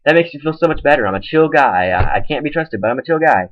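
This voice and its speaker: A man's voice: on the high side, expressive, a little fast. A young man ranting in a webcam monologue, exasperated as he retells a quarrel with a friend through quoted back-and-forth. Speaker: webcam vlogger. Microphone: webcam microphone. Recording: dull lo-fi webcam audio.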